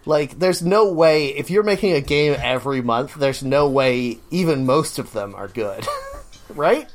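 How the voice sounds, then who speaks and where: A man co-hosting a podcast, chatting casually and telling stories with animated laughter. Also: on the high side, measured pace, background noise. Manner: animated storytelling with laughs and swearing. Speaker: podcast co-host. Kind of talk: casual chat.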